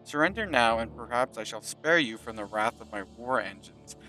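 A man reading out the lines of a boastful, menacing male enemy general from a war game, slow and theatrical, over loud game music. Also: mid-range voice, animated. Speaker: villain general read aloud by a gamer.

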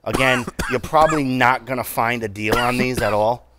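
Relaxed man with a New England accent. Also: medium pitch, noisy background. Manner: relaxed, halting, many fillers. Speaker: podcast co-host. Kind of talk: casual chat.

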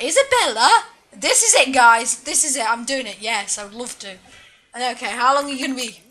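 Woman chatting over a game, bright highish voice, keeps telling herself off. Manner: chatty, self-mocking, frequent exclamations at the game. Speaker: gaming channel host. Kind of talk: casual let's-play commentary.

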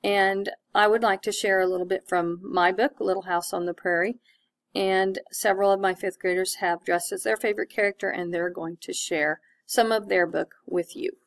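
A fifth-grade teacher, a woman, reading a children's novel aloud in a classroom with a slow, careful pace. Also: mid-range voice, fairly even intonation.

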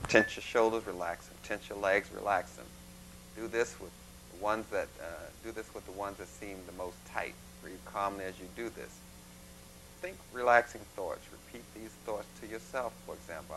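Low-voiced man giving a folksy lecture. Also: pushed and bright, low-quality recording. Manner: plain instructive, folksy images, halting delivery. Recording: faint mains hum.

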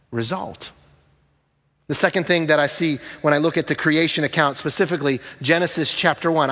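A middle-aged man preaching a sermon as pastor, telling a story with lively ups and hushed, slow emphasis. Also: fairly high pitch, long reverb tail.

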